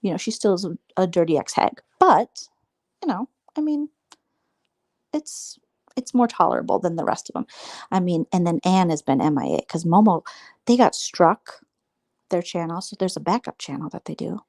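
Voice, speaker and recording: A woman's voice: expressive, moderate pace, creaky, a little mellow, no echo. A woman hosting a casual late-night livestream, rambling and sarcastic, mocking others by mimicking them. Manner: gossipy, mocking, mimics others in high squeaky voices. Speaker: livestream host.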